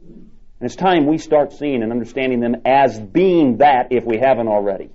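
A man's voice: mid-range voice, dull audio. Emphatic preacher man on old tape. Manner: emphatic, repeats key words with drawn-out stresses. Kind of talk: sermon.

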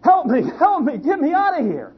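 A preacher putting on a shrill, panicked circus performer. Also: male voice, very animated, normal speed. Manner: shrill, frantic pleading. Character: panicked man in gorilla suit trapped with lion. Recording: dull lo-fi recording.

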